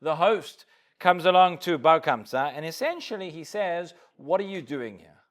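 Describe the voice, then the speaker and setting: A man with a high voice leads a Talmud class, walking his listeners through the story point by point. He acts out each line of dialogue as he goes and often trips over his first words before a thought settles. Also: expressive, normal speed. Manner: explains step by step, acts out the dialogue in quotes; repeats small words when starting a sentence. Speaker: rabbi teaching a class. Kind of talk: Talmud lecture to a live class.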